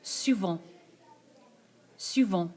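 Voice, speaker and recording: A woman teaching a French lesson in a screencast, saying each word slowly and then repeating it for students. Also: mid-range voice, a little mellow. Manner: slow, repeats words twice for the learner. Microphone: tablet screencast.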